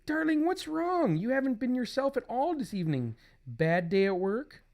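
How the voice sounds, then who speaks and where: A man reading aloud and voicing a frightened wife in a shrill, melodramatic falsetto. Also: very animated, normal speed, darkish tone, exaggerated voice. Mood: worried.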